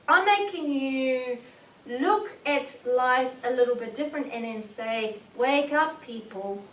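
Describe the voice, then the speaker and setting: A woman's voice: high voice, fairly bright tone, roomy sound, recorded from a distance. Woman channeling a preachy alien commander. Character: male alien star commander, jovial, earnest preacher. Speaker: spirit channeler. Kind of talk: channeled spiritual message.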